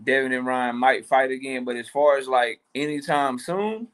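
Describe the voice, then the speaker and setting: A man's voice: mid-range voice, moderate pace, a bit bright. A man co-hosting a casual boxing talk show, speaking loosely with profanity and fillers.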